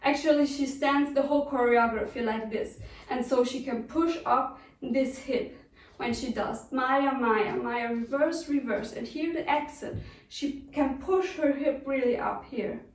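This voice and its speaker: High-voiced woman calling dance moves. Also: a little slow. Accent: German. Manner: patient, counts steps aloud while dancing. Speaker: belly dance teacher. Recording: echoey room from far off.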